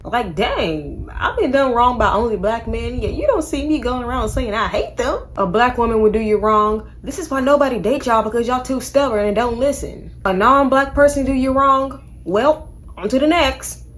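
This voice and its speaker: A woman's voice: on the high side, moderate pace, few pauses. A young woman giving casual commentary in a vlog, sassy and emphatic, firing off rhetorical questions. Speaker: commentary vlogger.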